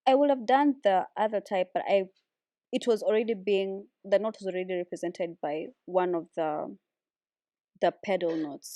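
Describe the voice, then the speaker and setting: A woman casually explaining how she builds vocal harmonies, relaxed and chatty with lots of fillers. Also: on the low side, no echo, clean studio sound. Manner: relaxed, with many fillers like "like" and "so, yeah". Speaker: a cappella vocalist teaching harmony. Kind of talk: casual music tutorial.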